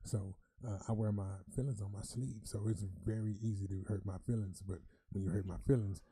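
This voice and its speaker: A low, husky man chats casually into a dry studio mic. His tone is dark and mellow, and he talks in emotional bursts, going loud and animated when he tells a story. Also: brisk, no echo. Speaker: podcast co-host. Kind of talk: casual podcast chat. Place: podcast studio.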